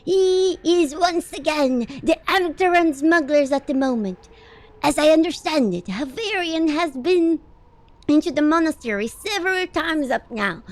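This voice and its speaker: A streamer doing a playful old-man wizard voice, dropped low and unhurried. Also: lively intonation. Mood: mock-gruff. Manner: reading game lines in a put-on deep voice. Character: old male wizard, mock-gruff.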